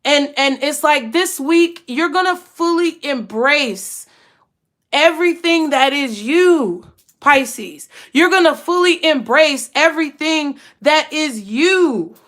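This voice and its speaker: A woman's voice: high voice, animated, slow pace, a bit bright. A woman giving a casual, emphatic tarot reading who is blunt and swears freely. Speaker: tarot reader.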